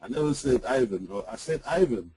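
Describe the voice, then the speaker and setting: A man co-presenting a webinar, speaking in a halting, casual way with lots of fillers and some teasing jokes. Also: medium pitch, mellow, slightly rough, poor audio. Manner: halting, many fillers and restarts, joking.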